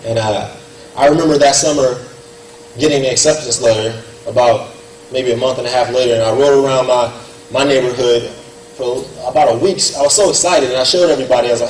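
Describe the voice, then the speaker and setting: A man's voice: medium pitch, brisk, darkish tone. A young man giving an earnest, conversational storytelling speech at a gala in a banquet hall. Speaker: guest speaker. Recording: echoey hall heard from far off, faint room noise.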